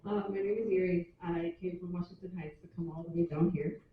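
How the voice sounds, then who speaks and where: A woman's voice: fairly low pitch, fairly even intonation, brisk, very noisy. A woman in her forties doing a loose, chatty stand-up set at an open mic, laughing at her own jokes. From New York City. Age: 40s. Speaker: stand-up comic. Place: small hotel open mic room. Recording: far-off dull echoey mic with ambience.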